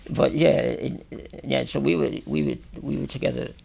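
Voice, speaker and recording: Husky and creaky, a medium-pitched male voice moves at normal speed as a New York interview guest relates prison stories in a radio or podcast studio. He keeps it casual but animated, swearing freely and performing quotes with loud exclamations.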